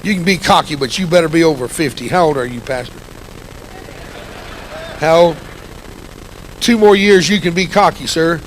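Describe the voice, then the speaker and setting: A man in his sixties with a gravelly, grumpy-sounding voice, giving an impassioned, folksy testimony sermon with humor as a church guest speaker. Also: a little high, brisk, pauses often, slight background noise, rough recording. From United States. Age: 60s. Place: church sanctuary.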